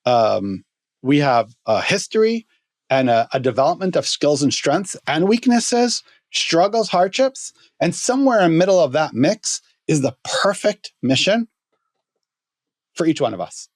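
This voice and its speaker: Earnest halting man telling a story. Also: on the high side, sing-song, dry recording, studio quality. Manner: earnest, halting with repeated restarts. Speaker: podcast guest, former fire lieutenant. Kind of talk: emotional storytelling.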